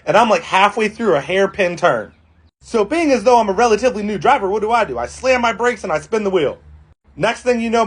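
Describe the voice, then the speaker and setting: Fast-talking husky young man telling stories. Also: sits high. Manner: laid-back slangy storytelling with frequent swearing. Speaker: storyteller. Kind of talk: casual storytime monologue.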